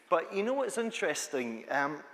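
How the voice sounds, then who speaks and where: A man's voice: medium pitch, a bit bright, slight background noise. A Scottish man from the east coast, giving a playful, chatty conference talk that tells stories and asks the audience questions. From Scotland. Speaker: conference speaker, teacher trainer. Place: large conference hall. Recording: long hall reverb.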